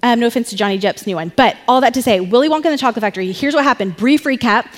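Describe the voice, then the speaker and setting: A woman pastor giving a sermon, telling a story with animated, chatty asides. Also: a little high, rapid-fire. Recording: long reverb in a hall.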